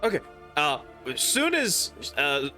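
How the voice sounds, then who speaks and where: A man playing in a tabletop game, joking around casually and halting with fillers. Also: fairly high pitch, huge pitch swings, pushed and bright, faint music behind. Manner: jokey, halting with many fillers. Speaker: player.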